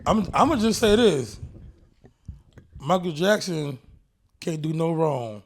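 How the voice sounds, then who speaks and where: A man co-hosting a casual podcast, thinking aloud with halting restarts. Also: a little high, expressive. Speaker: podcast co-host. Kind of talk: casual chat.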